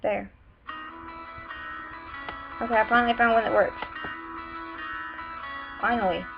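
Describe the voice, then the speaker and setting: Teenage girl, Southern accent, rambling vlog chat, bright-ish voice, dull webcam audio. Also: a little high, steady tone, creaky. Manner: chatty, frequent fillers, quick irritated asides. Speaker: vlogger. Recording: muffled webcam audio with music behind.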